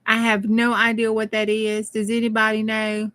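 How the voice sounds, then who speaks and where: A woman's voice: fairly high pitch, completely flat delivery, moderate pace, fairly bright tone. A middle-aged woman with a Southern US accent, chatting casually with her viewers during a crafting stream and laughing often. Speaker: crafting channel host. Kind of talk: casual crafting livestream chat.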